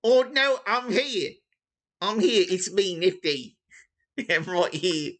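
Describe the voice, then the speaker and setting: A man voicing a cheeky young orphan with a Cockney-sounding voice, high and squawky, in a tabletop game. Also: animated, slow pace, fairly bright tone, full character voice. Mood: flustered. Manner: defensive, bratty.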